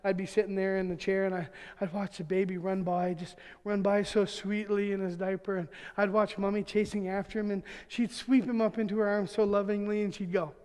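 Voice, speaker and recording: A man preaching in a church, his fairly high voice carrying a long hall reverb. He tells funny stories in an animated way, acting out the quotes and laughing along as he goes. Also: brisk, few pauses, clean tone. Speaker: pastor. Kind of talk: humorous sermon storytelling. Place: church sanctuary.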